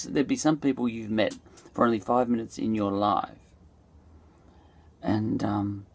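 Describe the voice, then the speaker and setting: Gravelly Australian man musing aloud. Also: on the low side, darkish tone. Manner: musing, loose and digressive, many fillers. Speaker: podcast host. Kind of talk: rambling reflective monologue.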